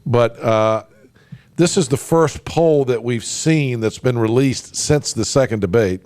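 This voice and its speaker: A man's voice: medium pitch, a little slow, darkish tone, dry recording. A man hosting a political talk radio show, emphatic and folksy, with lots of fillers and restarts. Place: radio studio. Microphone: studio microphone.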